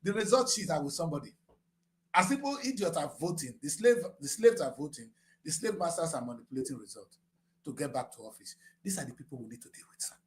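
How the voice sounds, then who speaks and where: A man in his sixties with a Nigerian English accent, giving impassioned political commentary that swings from grave and low to shouting. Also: lively intonation, fast talker. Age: 60s.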